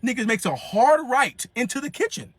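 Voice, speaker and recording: A man in his twenties telling a story casually, in an animated, profane, slang-heavy way. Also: extremely high pitch, moderate pace, no echo. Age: 20s. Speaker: vlogger.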